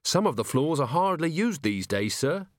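A man's voice: fairly high pitch, big pitch swings, normal speed, dry recording, studio quality, voice pushed up. Carrot, an earnest young constable voiced by a man. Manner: earnest, helpful, respectful. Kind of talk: audiobook character voice.

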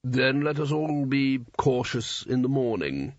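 A man reading aloud, voicing a sly, smooth older wizard who speaks in a dry, unhurried, quietly mocking way. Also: medium pitch, animated, dry recording, lo-fi sound, natural voice.

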